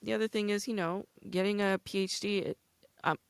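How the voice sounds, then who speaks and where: A woman's voice: medium pitch, steady tone, a little fast, creaky, smooth, no echo. Frank, foul-mouthed woman podcast host. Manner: candid and profane, many fillers. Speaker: PhD student. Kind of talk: casual chat.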